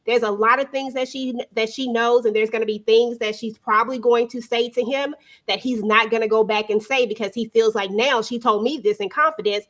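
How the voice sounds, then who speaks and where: A woman's voice: on the high side, fairly even intonation, fairly quick. A woman co-hosting a casual TV review chat, earnest and explanatory. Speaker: co-host reviewing a TV drama.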